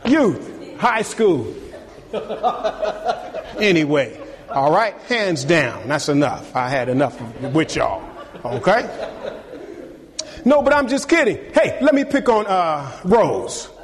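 Animated pastor preaching in a reverberant hall. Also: male voice, sits high, slow pace, long pauses, crowd noise. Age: middle-aged. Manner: animated, teasing, calls for amen. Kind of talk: sermon. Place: church sanctuary.

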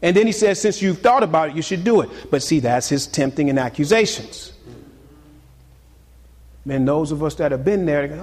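A man preaching a sermon in a husky, slightly high voice. He moves between loud, punchy exclamations and quiet, confiding asides. His delivery is lively and conversational. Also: fairly quick, in a large hall. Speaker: pastor.

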